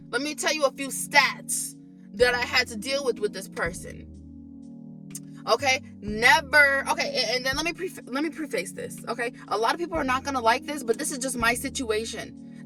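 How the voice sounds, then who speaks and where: Her voice sits high, pushed and bright, as this young vlogger delivers a frank monologue to the camera. She stays emphatic and keeps rising into exasperated outbursts while soft music runs underneath.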